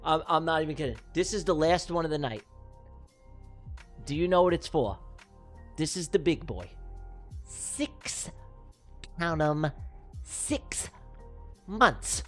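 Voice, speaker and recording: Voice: mid-range voice, normal speed, pauses often. A livestream host calling giveaway races with playful, teasing energy. They repeat their catchphrases for emphasis and joke with viewers, while faint music plays under the voice. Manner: excitable, teasing and joking. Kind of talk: playful live race commentary. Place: live stream broadcast.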